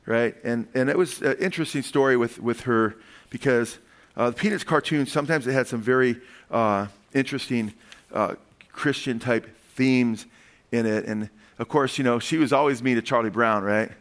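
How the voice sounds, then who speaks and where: A man preaching a sermon as pastor, animated, calling "amen?" to the congregation and acting out voices as he tells stories. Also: mid-range voice, normal speed. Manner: acts out quoted voices in storytelling.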